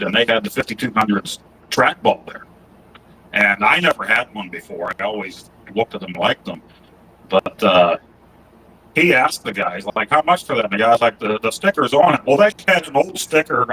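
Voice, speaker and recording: Bright-voiced joking man on a podcast. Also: mid-range voice, a little hiss or hum, poor audio. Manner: joking, laughs often. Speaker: podcast co-host. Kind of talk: casual chat.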